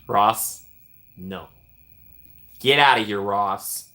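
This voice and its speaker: A man's voice: fairly low pitch, animated, moderate pace, pushed and bright. A man hosting a casual live stream, chatting upbeat and answering viewers by name as he reads the comments. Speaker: streamer host.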